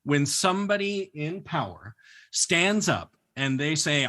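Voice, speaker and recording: A man hosting a podcast, chatting casually with a guest, jokey and quick to laugh. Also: fairly high pitch. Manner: animated, jokey, laughs often. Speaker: podcast host. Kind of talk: casual interview chat.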